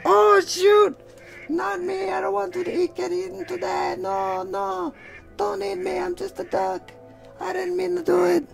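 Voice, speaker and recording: A man's voice: flat delivery, a little slow, creaky, faint music behind, full character voice. A man voicing a frightened little duck that is about to be eaten, crying out in a frantic, squealing voice. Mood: panicked. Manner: frantic high squealing cries.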